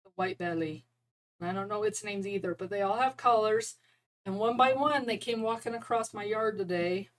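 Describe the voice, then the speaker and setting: A woman's voice: medium pitch, poor audio. A woman chatting casually and rambling, often breaking into laughter. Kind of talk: casual chat about neighborhood cats.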